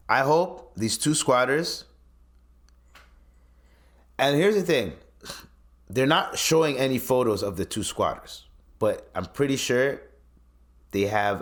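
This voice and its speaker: A podcast host with a medium-pitched voice rants in casual commentary, speaking slowly with long pauses. He's animated and incredulous, swearing often.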